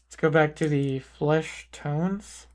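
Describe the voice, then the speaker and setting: A man calmly talking through a portrait painting tutorial, thinking aloud as he paints. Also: fairly high pitch. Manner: calm, unhurried, thinking aloud while painting. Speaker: painting instructor. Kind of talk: relaxed painting tutorial narration.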